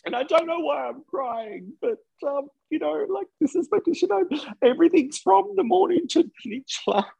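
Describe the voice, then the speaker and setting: A man putting on a tearful, rambling woman cooking contestant in a shaky falsetto. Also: lively intonation, gravelly, darkish tone, muffled recording, full character voice. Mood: weepy. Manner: rambling, sniffling, halting.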